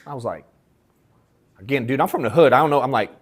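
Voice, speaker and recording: A sales coach tells a slangy, profane story to a live audience in the event room of an in-person workshop, acting out quotes in an animated retelling. His mid-range voice moves at a quick pace with frequent pauses and a breathy edge.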